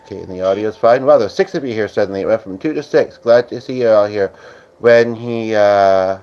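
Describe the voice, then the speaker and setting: A man's voice: lowish voice, darkish tone. A man hosting a casual livestream, rambling with many fillers as he reads viewer comments aloud. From Canada. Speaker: livestream host. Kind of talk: casual live-stream chat. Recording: slightly dull lo-fi audio.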